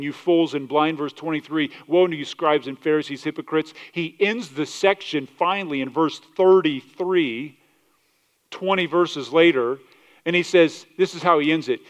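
Pastor guy preaching, kinda high voice, gets loud then goes quiet, keeps asking the crowd stuff. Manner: passionate, rises loud then drops low, acts out quoted voices; asks the congregation questions, southern 'y'all'. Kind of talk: sermon.

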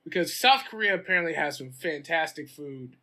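An American man in casual podcast chat, loud and animated, swearing constantly as he tells stories. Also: fairly high pitch, a little fast. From United States.

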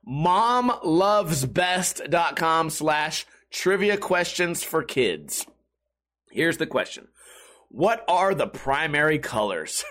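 A young man's slightly high, fairly bright voice carries his loose, rambling YouTube chat. He stays easygoing and jokey, swears often and keeps saying dude.

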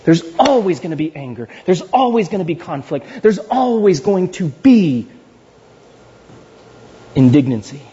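A male pastor preaching with a high, swooping voice that climbs and drops dramatically. His tone is husky, and he repeats words for emphasis between playful asides. The recording is dull and lo-fi. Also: warm tone. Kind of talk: sermon.

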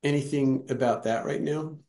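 A man's voice: mid-range voice, normal speed, dark tone, reverberant. A man leading a study group, talking in a reflective, searching way that repeats and restarts phrases. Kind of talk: casual group talk.

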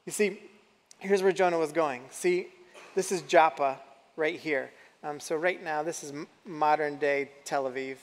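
A man's voice: on the high side, a bit bright, in a large hall. A man preaching a sermon in a conversational way, often asking the audience questions. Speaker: pastor.

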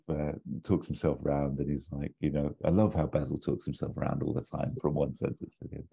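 A man chatting casually and pitching a story idea, rambling and hesitant with many restarts, on a dull lo-fi recording. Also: little pitch movement, a little fast, gravelly, few pauses, warm tone, slightly rough.

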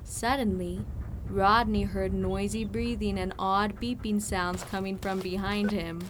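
A woman narrating a children's audiobook with slow, clear storytelling. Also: mid-range voice, flat delivery, slight background noise, rough recording.

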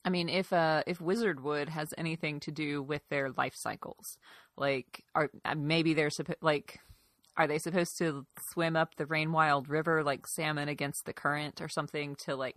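A woman's voice: low voice, fairly bright tone, no echo, clean studio sound. A woman on a casual book-club podcast, thinking aloud in a rambling way full of "like"s.

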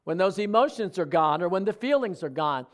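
A man's voice: sits high, lively intonation, brisk. A middle-aged man preaching a sermon, talking with his congregation and asking them questions. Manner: conversational preaching with audience questions. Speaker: pastor.

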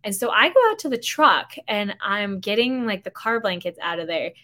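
A woman in her thirties tells a story in a casual podcast monologue. She is animated and chatty and acts out quoted dialogue. Her voice is bright and forceful, at an ordinary pitch. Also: normal speed. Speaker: podcast host.

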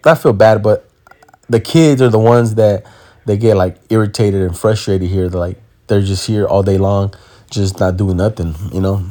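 A man's voice: fairly low pitch, a little mellow. Rambling man with slang. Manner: rambling, joking, self-correcting, swears freely. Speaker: podcast host and comedian. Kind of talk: casual podcast monologue. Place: home.

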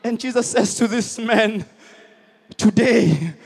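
A man preaching a sermon as pastor at a stadium service, emphatic and repetitive, rising to shouted peaks. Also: very high-pitched, measured pace.

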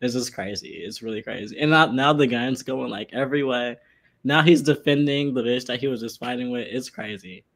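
A man with a gravelly, mid-pitched voice chats on a podcast panel, laughing as he talks and circling back on the same words. His tone stays loose and amused. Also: fairly quick, fairly bright tone. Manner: laughs through his words, repeats himself. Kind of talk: casual chat.

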